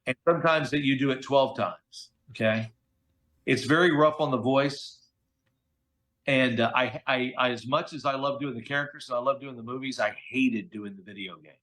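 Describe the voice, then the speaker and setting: A middle-aged man, a voice actor who is a guest in a casual interview, telling stories in an animated, slangy way. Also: mid-range voice, moderate pace. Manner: animated, chatty storyteller, slangy with "dude" and "okay?".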